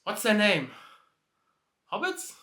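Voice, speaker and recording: A man's voice: high-pitched, huge pitch swings, slow, pushed and bright, echoey room, a little hiss or hum. A man telling a joke in a rambling, hesitant way, constantly correcting himself and restarting. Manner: hesitant, self-correcting, many fillers and restarts. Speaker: video host telling a joke.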